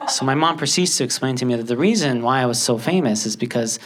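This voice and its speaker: A young man doing a stand-up comedy set, telling stories and acting out characters with quick bursts. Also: medium pitch. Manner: animated storytelling, acts out characters in quick bursts. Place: comedy stage with a laughing audience. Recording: loud audience laughter and noise.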